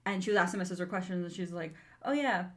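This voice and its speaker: Bright, lower-pitched young woman. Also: level tone, rapid-fire. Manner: chimes in, finishes her sister's sentences. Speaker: podcast co-host. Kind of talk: casual chat.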